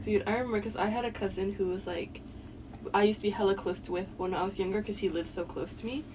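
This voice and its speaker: A young woman chatting casually on a podcast, relaxed and full of fillers. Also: mid-range voice, quick pace, far from the mic, over a noisy crowd. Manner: relaxed, laughing, many fillers. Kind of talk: casual chat.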